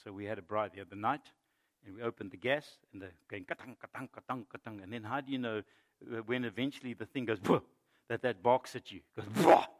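A middle-aged male pastor giving a sermon, moving between loud emphatic preaching and quiet storytelling. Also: fairly low pitch, fast. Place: church.

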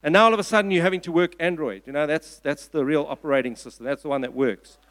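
Earnest South African male pastor, repeats himself for emphasis, slightly high voice. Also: quick pace, fairly bright tone. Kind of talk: sermon. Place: church.

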